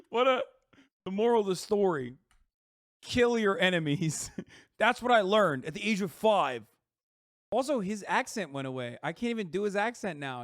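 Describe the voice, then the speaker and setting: A man's voice: high voice, fairly bright tone, no room sound, clean studio sound. Rambling, cursing male streamer. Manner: rambling, profane, quick asides with laughter. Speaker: streamer reacting to a video. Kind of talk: casual live-stream reaction commentary.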